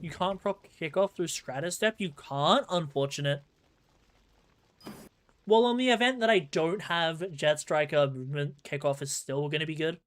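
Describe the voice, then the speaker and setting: A man's voice: fairly high pitch, normal speed. A man with an Australian accent giving rambling live commentary while he plays a game and talks to his chat. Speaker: gaming streamer.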